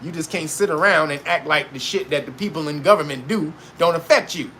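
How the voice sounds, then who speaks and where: A man giving a profane, animated rant, laughing often as he talks. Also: on the high side, fairly quick, slight background noise. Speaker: commentator. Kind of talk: casual rant monologue.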